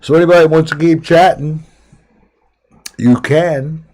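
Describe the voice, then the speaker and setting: A man's voice: fairly high pitch, fairly even intonation, a little slow, darkish tone. A man hosting a live stream, chatting casually and rambling from topic to topic with his viewers.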